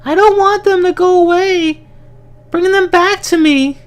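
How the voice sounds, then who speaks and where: A man voicing a crowd of maimed ghost children who scream and demand their lost families back. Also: measured pace. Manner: shrill screaming.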